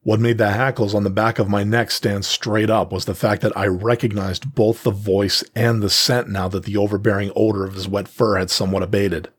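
A man narrating a first-person story in a steady, measured way. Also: lowish voice, husky, dry recording, clean studio sound.

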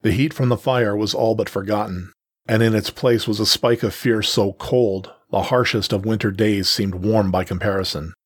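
A man narrating a first-person story in a steady, measured way. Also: fairly low pitch, breathy edge, no echo, studio quality.

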